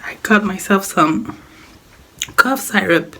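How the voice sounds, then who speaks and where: A young woman records a casual life-update vlog while sick, her voice hoarse and raspy like a smoker's. She speaks slowly, at a middling pitch, rambling, repeating words, and breaking off to cough. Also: lively intonation, sharp tone. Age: young adult. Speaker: vlogger.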